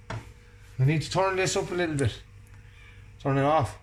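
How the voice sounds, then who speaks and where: A man's voice: a little high, normal speed, pauses often, reverberant, slight background noise. An Irishman chatting and joking while he cooks at home, bantering with someone off camera. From Ireland. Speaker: vlogger cooking at home. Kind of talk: casual chat while cooking. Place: home kitchen.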